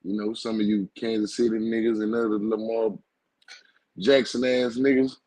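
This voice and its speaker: Casting: husky-voiced man, lowish pitch, cocky and slangy, talks football trash in a dry close recording. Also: little pitch movement, normal speed, warm tone, no echo, low-quality recording. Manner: brash, boastful, slangy trash talk. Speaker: co-host, football fan. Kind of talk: casual sports chat.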